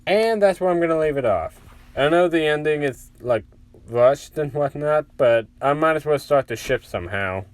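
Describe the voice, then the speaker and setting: A man's voice: fairly high pitch, expressive, moderate pace, no room sound. A man casually narrating a fan-fiction story in a rambling way, full of "like" fillers.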